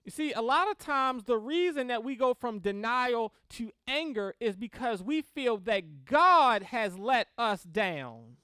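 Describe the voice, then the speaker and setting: A woman teaching a Christian class on grief in a lively, conversational way, often laughing and checking in with the class. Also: fairly high pitch, a little slow, hardly any pauses, smooth, dry recording, clean studio sound. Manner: animated, laughs often, acts out prayers in quotes; checks in with "right?" and "okay?".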